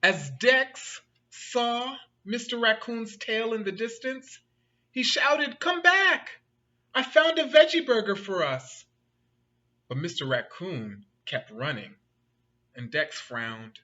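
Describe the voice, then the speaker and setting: Man reading a children's picture book, animated and bright, slow and lively. Dull lo-fi recording. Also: fairly high pitch. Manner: animated, asks listeners questions. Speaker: storyteller.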